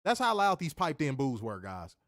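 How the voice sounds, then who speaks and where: Man, wrestling reviewer, profane rant, lively swooping pitch, dry close sound. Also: normal speed, no echo. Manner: animated, profane ranting. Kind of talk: casual chat.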